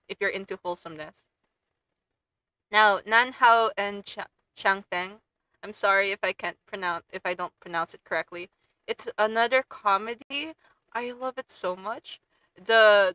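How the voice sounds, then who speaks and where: A woman streamer talks casually with a bright, sharp tone and dry, close sound. She gushes with excitement, tripping over her words and restarting sentences as her enthusiasm runs ahead of her. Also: mid-range voice, dry recording, rough recording. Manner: gushing and excitable, with frequent stumbles and restarts. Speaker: VTuber streamer.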